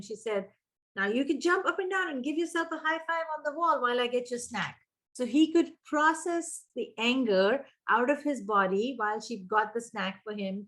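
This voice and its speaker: An older woman coaching teachers in a webinar, engaging her audience with questions and repeating key words for emphasis. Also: medium pitch. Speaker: early childhood education coach. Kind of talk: webinar presentation.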